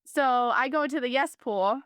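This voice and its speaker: A woman's voice: high-pitched, a little slow, fairly bright tone, clean tone, no room sound, studio quality. A woman in her thirties, a guest on an interview podcast, telling her family's story in a chatty, heartfelt way with lots of fillers. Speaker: podcast guest, foster and adoptive mom.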